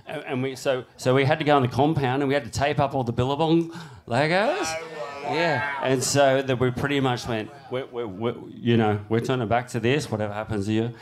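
A man's voice: mid-range voice, moderate pace. A middle-aged man, a guest surfer, tells a story in casual chat, swearing often and acting out what people said in a livelier voice. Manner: swears constantly, acts out quotes with rising animated voice. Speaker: guest big-wave surfer.

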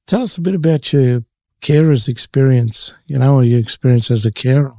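Australian male host, gravelly and dark, lively storyteller, dry sound. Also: medium pitch, a little fast, no echo. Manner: animated storyteller, laughs often. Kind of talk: casual conversational interview.

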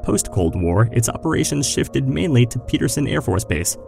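A male podcast host narrates a scripted segment with a lively, rising and falling delivery. His voice has a gravelly edge. Music plays clearly underneath the narration. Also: medium pitch. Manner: measured, reading from a script.

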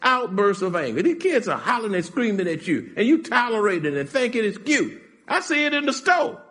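A man preaching a sermon in a lively, animated style. He swings from shouts to near-whispers, laughs often, and his has a sound. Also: high voice, fairly quick. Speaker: pastor.

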